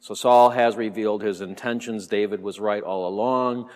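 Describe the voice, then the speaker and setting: A man's voice: on the low side, moderate pace. Man teaching scripture in a reverberant hall. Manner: relaxed, explanatory, frequent "uh" fillers and soft chuckles. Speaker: Bible teacher. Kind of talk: verse-by-verse sermon teaching.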